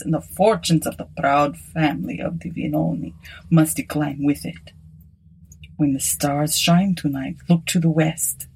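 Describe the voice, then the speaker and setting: A woman voicing an old male prophet who delivers solemn warnings slowly and gravely. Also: low voice, a little mellow, voice pushed down, full character voice.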